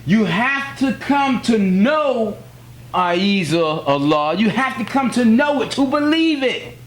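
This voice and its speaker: A man's voice: high-pitched, expressive, takes it slowly. A man from the United States giving a spiritual teaching in an earnest, plainspoken way, repeating key phrases and telling personal stories. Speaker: religious teacher.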